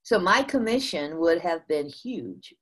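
An older woman from the USA, a guest in an interview, telling a business story in an animated way with frequent restarts. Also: lowish voice, unhurried.

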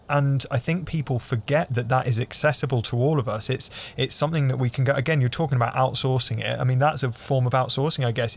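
Gravelly-voiced male podcast host. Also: medium pitch. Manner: reflective, thinking aloud. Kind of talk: casual interview chat.

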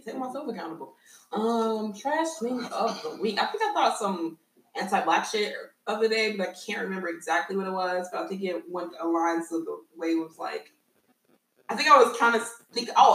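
A woman co-hosting a podcast, talking frankly and swearing freely in a relaxed chat. She sits a little back from the mic in an echoey room. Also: medium pitch, distant mic. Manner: frank, profane, laughs often. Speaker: podcast co-host.

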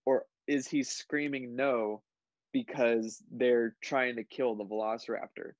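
A man's voice: mid-range voice, steady tone, measured pace, dry recording. A tipsy man rambling about a movie in casual chat, backtracking and correcting himself. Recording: dry dull lo-fi mic.

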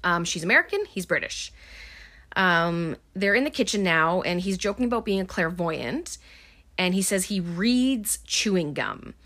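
A woman's voice: lowish voice, animated, measured pace, sharp tone. A woman casually retelling a film plot, chatty and wry, with lots of ums and likes. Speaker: movie recapper. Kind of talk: casual spoken film recap.

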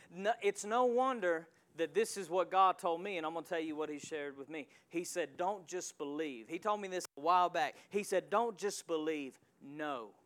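A male pastor preaching a sermon in a church, calling out to the congregation and swinging from quiet asides to loud surges. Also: on the high side. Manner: call-and-response preaching with sudden loud surges.

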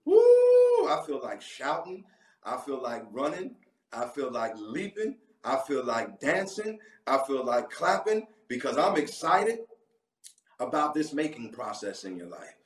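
A man's voice: mid-range voice, very animated, measured pace, fairly bright tone. Fervent preacher man with whoops, echoey room. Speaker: pastor. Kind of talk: livestreamed sermon. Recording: echoey room, mic at a distance.

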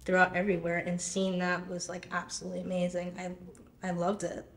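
A young woman, a singer, talking casually in an interview, full of "like" and lively quoted reactions. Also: on the low side, a little fast, a little hiss or hum. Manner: chatty, fillers of "like", animated quoting of others. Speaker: singer guest. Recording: roomy echo.

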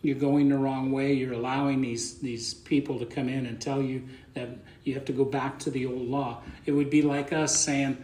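A man's voice: mid-range voice, level tone, normal speed, few pauses, darkish tone, roomy sound. A man preaching a conversational sermon as pastor, plain-spoken and folksy, often repeating words as he thinks aloud.

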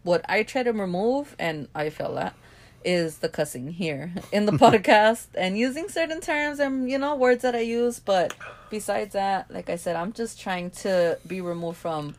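A woman's voice: medium pitch, measured pace. A woman in her thirties from South Central Los Angeles, with a Los Angeles accent, telling stories candidly as a podcast co-host, swearing freely and laughing often. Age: 30s. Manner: candid storytelling, frequent profanity and laughter. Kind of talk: casual podcast chat.

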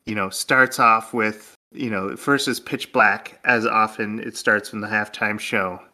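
A man's voice: medium pitch, bright, forceful tone. A man co-hosting a casual, comedic podcast chat, playful and joking, often breaking into laughter. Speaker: podcast co-host.

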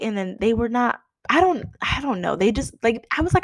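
A young woman tells a story in a lively, swooping voice, acting out what people said with big leaps in pitch. The recording is close and dry, with no room sound. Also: a little fast, gravelly, hardly any pauses, dry recording. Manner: animated, acts out quoted lines with big pitch jumps. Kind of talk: casual storytelling.

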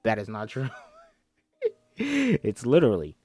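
A man's voice: fairly low pitch, wildly swooping pitch, unhurried, mellow, slightly rough, no echo. A man reads a film script aloud and breaks off for jokey, swearing asides, acting out the characters' lines as he goes.

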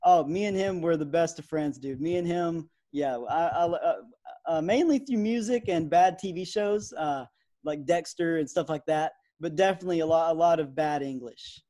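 A young man in his twenties co-hosting a podcast, chatting in a relaxed way with lots of fillers. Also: a little high, normal speed. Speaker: podcast co-host. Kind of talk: casual sports podcast chat.

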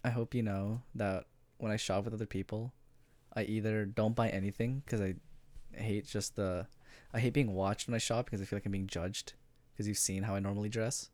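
A man's voice: on the low side, steady tone, brisk, a little mellow, no echo. A young man co-hosting a podcast in casual chat, laid-back and swearing often. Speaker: podcast co-host.

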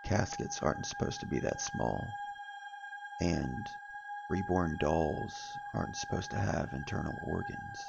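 Male horror narrator: low and gravelly, dramatic delivery over background music. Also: wildly swooping pitch, unhurried, lo-fi sound.

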